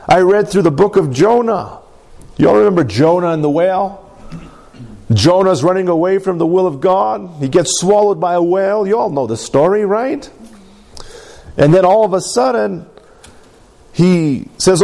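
A man with a gravelly, slightly raised voice preaches a sermon. He tells his story earnestly and keeps checking in with the congregation. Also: high-pitched, animated, moderate pace, warm tone. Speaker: pastor.

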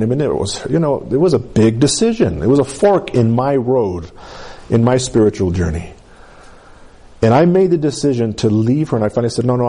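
In a mid-range voice, a man preaches a sermon, animatedly telling his own testimony with quick asides and self-corrections.

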